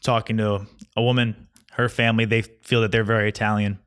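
A man's voice: fairly low pitch, little pitch movement, brisk, fairly bright tone, smooth. A young man ranting in a casual comedic monologue, grumpy and mocking. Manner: grumpy, ranting, mocks mispronunciations.

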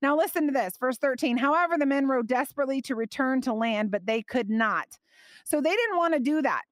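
Woman Bible teacher, higher voice, lively and emphatic, dry close sound. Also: fairly quick, no room sound. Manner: animated, emphatic, laughs often.

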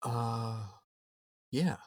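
A man's voice: mid-range voice, drawn-out words, no echo, clean studio sound. A man co-hosting a podcast in casual chat, talking in an easygoing, agreeable way. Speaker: podcast co-host.

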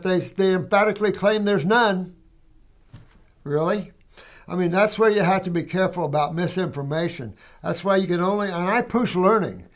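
A man with a fairly high voice hosts a health program in a loose, conversational monologue. He talks in a folksy, emphatic way. He calls his listeners "honey" and "dear one". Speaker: health show host reading viewer letters. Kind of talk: casual monologue answering letters.

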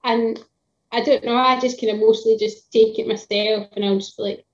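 Lady tradie chatting on a video call, kinda high voice, muffled sound. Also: fairly even intonation, moderate pace. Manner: chatty, laughs often, many fillers. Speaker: tradeswoman guest. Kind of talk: casual video call chat.

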